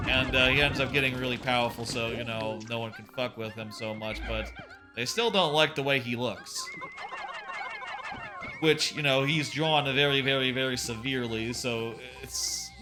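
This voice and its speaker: A man streaming a video game, chatting casually in a rambling way with lots of fillers and swearing, sometimes acting out quotes. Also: medium pitch. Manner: rambling, swears, many fillers, animated quoting. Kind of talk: casual gameplay commentary.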